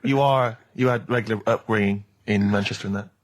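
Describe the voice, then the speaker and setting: Man, radio co-host, mid pitch, fast talker, wry probing questions. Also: fairly even intonation, poor audio. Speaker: co-host of a comedy radio show. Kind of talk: casual radio chat.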